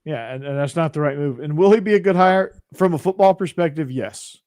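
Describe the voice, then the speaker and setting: A man's voice: fairly high pitch, fairly quick, a little mellow, no room sound, clean studio sound. A young man hosting a podcast, giving opinions in a rambling, casual way. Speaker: podcast host. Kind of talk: casual chat.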